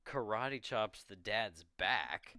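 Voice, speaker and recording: A man co-hosting a podcast, recapping a movie in casual chat with animated storytelling. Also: lowish voice, slow, clear, resonant tone, no room sound, studio quality. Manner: animated storytelling, jumps into quoting characters. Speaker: podcast co-host.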